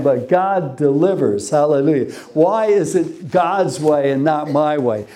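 A man's voice: fairly high pitch, very animated, takes it slowly, dark tone. A man preaching a sermon, who reads scripture aloud, repeats phrases for emphasis and asks the congregation questions.

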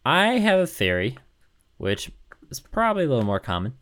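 A man chatting casually, rambling and excited as he lays out a fan theory, with many fillers. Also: mid-range voice, moderate pace, no room sound, studio quality. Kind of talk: casual chat.

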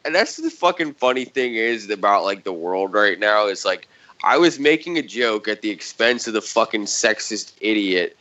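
A man's voice: fairly low pitch, pushed and bright. A man chatting casually on a podcast, telling a rambling story full of swearing and sarcasm. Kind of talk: casual chat. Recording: dull lo-fi sound.

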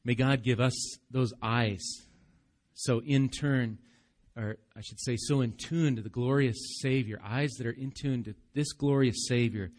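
Male pastor preaching live in church, mid-range voice, lively delivery that rises and hushes. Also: mid-range voice, measured pace. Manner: animated preaching, acting out crowd and beggar, dropping soft for emphasis. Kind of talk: sermon.

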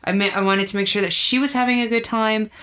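A woman's voice: fairly high pitch, fast. A woman comedian in her thirties telling candid, profane stories in a casual chat. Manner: candid, profane, animated storytelling. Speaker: comedian guest.

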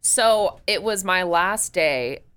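A woman's voice: lowish voice, slow pace, clean tone. A young American woman, a podcast guest, telling a story animatedly with lots of "like" and frequent laughter. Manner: animated storyteller, laughs often, says "like" a lot. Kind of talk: casual interview chat.

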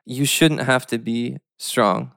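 A man co-hosting an interview podcast, speaking earnestly and haltingly, restarting his sentences as he reflects. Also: medium pitch, steady tone, vocal fry, a bit bright, no room sound. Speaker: podcast co-host.

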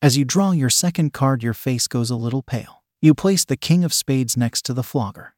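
A man narrating an intimate second-person audio story, with a stern, dominant, low growling delivery. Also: normal speed, hardly any pauses, darkish tone, no echo, studio quality.

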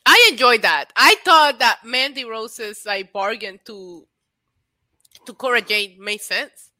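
A woman's voice: fairly high pitch, slow, dry recording. A woman co-hosting a podcast, talking animatedly and acting out quotes in casual chat about wrestling. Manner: animated, laughing, acts out quotes. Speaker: podcast co-host.

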